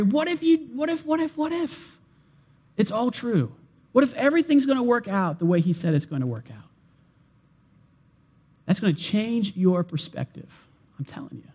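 Male pastor, higher register, emphatic sermon delivery with repetition and slowed stress. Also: darkish tone. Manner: emphatic, repeats phrases, slows for emphasis.

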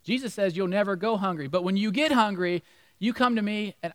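A middle-aged male pastor preaching a sermon, animated, acting out voices and dropping to near-whispers for emphasis. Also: sits high, brisk, no room sound. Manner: animated, acts out voices of crowd and Jesus, drops to near-whisper.

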